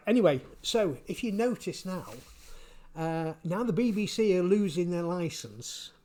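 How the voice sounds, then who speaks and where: A man giving casual spoken commentary, halting and repeating his words, chuckling often. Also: fairly high pitch, a little mellow. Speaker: vlogger.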